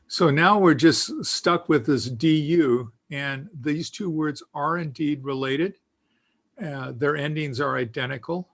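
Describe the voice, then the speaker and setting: A man teaching a beginners' Greek class in a slow, patient, explanatory way, with frequent fillers. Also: on the high side, fairly bright tone. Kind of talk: casual teaching.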